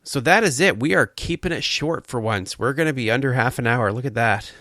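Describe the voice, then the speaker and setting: A man's voice: medium pitch, fairly quick, bright, forceful tone, no room sound, studio quality. A man co-hosting a casual podcast, talking earnestly and with enthusiasm in bursts, with restarts. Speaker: podcast co-host.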